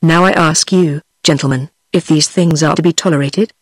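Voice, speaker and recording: A text-to-speech woman's voice with a British accent reading the lines of an indignant, scholarly old male sage in a plain, even delivery. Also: low-pitched, normal speed, breathy edge, no echo. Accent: British English.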